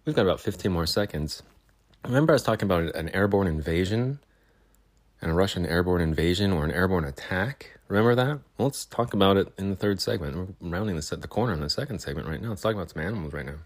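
A man's voice: sits low, expressive, quick pace. A man hosting a casual solo podcast from a makeshift break room at home, rambling with jokey asides. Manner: rambling, jokey asides, voices his cats' imagined plotting. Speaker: podcast host.

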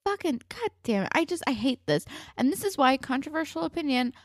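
Animated, exasperated young woman. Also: high-pitched, a little fast, no room sound, clean studio sound. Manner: exasperated, blunt, swears a lot. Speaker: podcast co-host. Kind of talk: casual chat.

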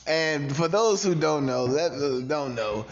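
A man co-hosting a podcast, ranting profanely in a casual, animated way and laughing often. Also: fairly high pitch, unhurried. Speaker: podcast co-host. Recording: dull lo-fi sound.

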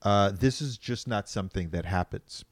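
A man's voice: fairly low pitch, moderate pace, dry recording, clean studio sound. A man voicing an irritated official from a national medical council, speaking in an exasperated official tone.

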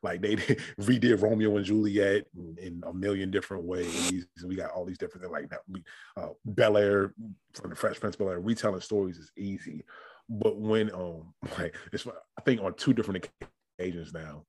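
Podcast host, man, low husky voice, dry room. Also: fairly even intonation, normal speed, a little mellow, no room sound. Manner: laughs often, thinks aloud with restarts. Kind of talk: casual chat.

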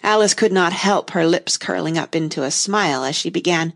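Gravelly expressive storybook narrator, woman. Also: fairly low pitch, fairly quick, few pauses. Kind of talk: storybook reading.

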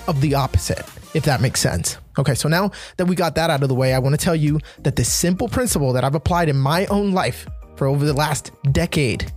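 A man hosting a motivational talk for men, speaking earnestly and emphatically, slowing down to repeat his key points. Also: fairly high pitch, darkish tone, faint music behind. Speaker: men's motivational podcast host.

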